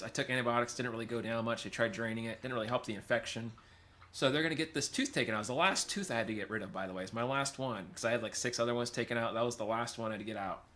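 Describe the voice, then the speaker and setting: A man hosting a livestream tells rambling stories to chat, getting sidetracked as he answers comments. His mid-range voice sounds pushed and bright.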